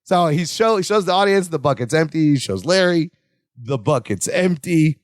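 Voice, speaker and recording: Lively man co-host recapping a sitcom. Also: normal speed, no echo, studio quality. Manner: animated storytelling, jumps into high character voices. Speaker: podcast co-host. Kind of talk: casual sitcom recap chat.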